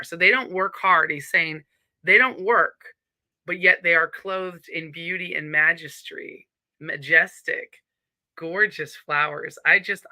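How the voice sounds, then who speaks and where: A woman's voice: on the low side, sharp tone, dry recording. A woman with a Southern accent hosting a casual live stream from home, chatty and upbeat as she greets viewers and reads their comments.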